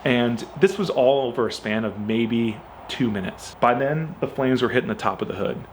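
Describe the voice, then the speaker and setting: A man's voice: mid-range voice, normal speed, a little hiss or hum. A man telling a story about his car in a casual, chatty way, peppering it with "like" and "you know" and acting out what people said. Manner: animated, acts out quoted dialogue. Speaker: car owner.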